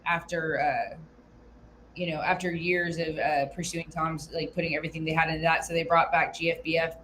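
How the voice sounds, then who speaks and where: A woman's voice: deep voice, level tone, a bit bright, a little hiss or hum. Chatty joking woman on a livestream. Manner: chatty, joking, quick comebacks. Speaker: guest co-host of a reaction channel. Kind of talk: casual livestream chat.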